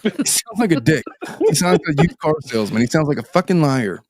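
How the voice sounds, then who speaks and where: A man's voice: a little high, big pitch swings, a little fast, dry recording, studio quality. A middle-aged man hosting a podcast as a divorce attorney, reading a listener's letter aloud and commenting with sardonic, profane asides. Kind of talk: casual podcast chat.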